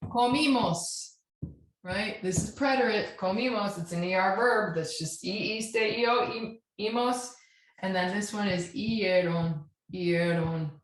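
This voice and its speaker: In an echoey room, a woman with a mid-range voice gives a Spanish grammar lesson at a slow pace. She's patient, spelling out verb endings and checking in with the class often.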